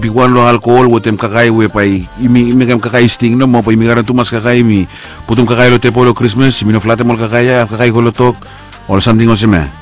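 Man, radio host, rambling casual talk, faint music behind. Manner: rambling, animated, pitch jumps up on quoted lines. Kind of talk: casual radio talk with listener shout-outs.

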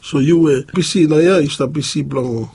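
A man preaching a sermon, halting and pausing often. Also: on the high side, vocal fry, dark tone, husky. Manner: halting, with many pauses and fillers.

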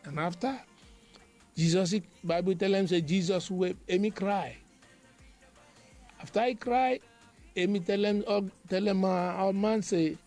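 A man's voice: high voice, a little slow, long pauses, darkish tone, faint music behind. A man preaching a devotional sermon in a repetitive, emphatic cadence.

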